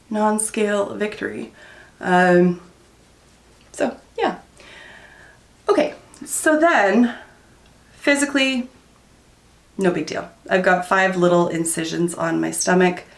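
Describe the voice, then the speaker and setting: Thirties woman vlogging while she does her makeup, kinda gravelly low voice, echoey room, chatty and blunt. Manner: chatty, candid, frequent "um" and "like". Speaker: beauty vlogger. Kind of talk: casual chat while doing makeup.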